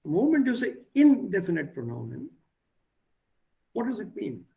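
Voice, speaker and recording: A man teaching a German class on a video call, explaining grammar in an animated way. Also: high-pitched, normal speed, vocal fry. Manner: animated, explaining, switching between English and German. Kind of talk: online language lesson.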